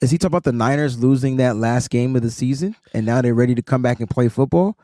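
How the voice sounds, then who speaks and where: A man co-hosting a sports podcast, talking fast and excited, ranting and repeating himself as he gets worked up. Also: medium pitch, no echo, studio quality. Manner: animated, ranting, repeats words. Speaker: podcast co-host.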